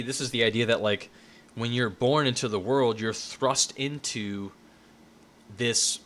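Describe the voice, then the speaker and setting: A man's voice: mid-range voice, a bit bright, a little hiss or hum. A man giving an informal lecture in a loose, conversational way, often checking in with "right?" and restarting his sentences.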